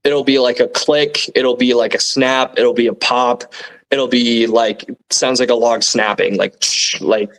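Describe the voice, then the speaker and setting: A young man as an interview guest, recounting what he saw in a halting, casual way with many fillers and restarts. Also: medium pitch, steady tone, fairly bright tone, rough recording. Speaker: guest eyewitness.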